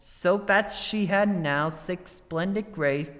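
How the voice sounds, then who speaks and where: A man reading a fairy tale aloud as a storybook narrator, expressive and unhurried. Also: sits high, big-room sound, poor audio. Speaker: story reader.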